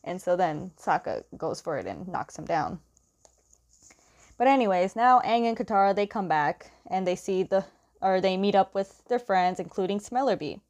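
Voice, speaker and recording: A woman's voice: mid-range voice, big pitch swings, moderate pace, a little mellow. A young woman casually recapping a story, chatty and laughing often, with lots of filler words. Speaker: comic recap host.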